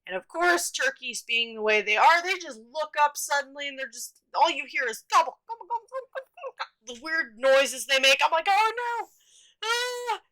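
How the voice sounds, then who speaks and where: Young woman, casual storytime vlog, chatty, rambling, lots of fillers, high-pitched. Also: sharp tone, low-quality recording. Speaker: storytime vlogger.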